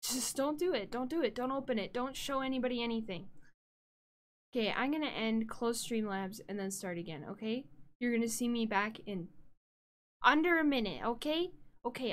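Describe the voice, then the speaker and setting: A woman livestreamer chatting casually and directly to her viewers, flustered and talking things through out loud. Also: on the high side, lively intonation, moderate pace. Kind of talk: casual live-stream chat.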